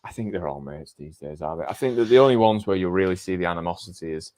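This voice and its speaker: Deep-voiced man chatting cricket. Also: fast, dry recording. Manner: relaxed, thinking aloud with frequent ums. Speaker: cricket podcast co-host. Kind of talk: casual live watchalong chat.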